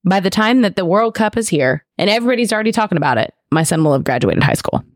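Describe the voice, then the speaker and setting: A woman's voice: mid-range voice, lively intonation, quick pace, dry recording, studio quality. Earnest woman in her forties. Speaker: podcast co-host. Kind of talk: casual banter.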